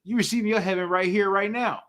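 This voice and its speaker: A young man teaching a live-streamed scripture class, talking in animated street slang and often asking "you know what I'm talking about". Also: high voice, fast talker. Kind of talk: casual slangy preaching commentary.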